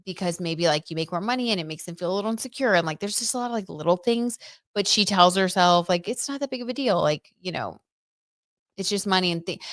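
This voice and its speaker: A young woman chats through a tarot livestream, gushing and filling her talk with "like" as she reads out viewer comments. Her voice sits a little low for a woman. The sound is close and dry, with no room echo. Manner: chatty, gushing, many "like"s and "oh my God"s. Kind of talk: casual livestream chat with tarot reading.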